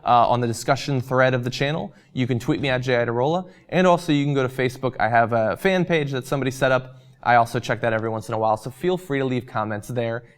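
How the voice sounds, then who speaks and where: A man hosting a casual vlog, answering viewer questions in a relaxed, chatty way with lots of ums and uhs, and he is losing his voice. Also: medium pitch, quick pace. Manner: relaxed and chatty, with frequent um and uh fillers.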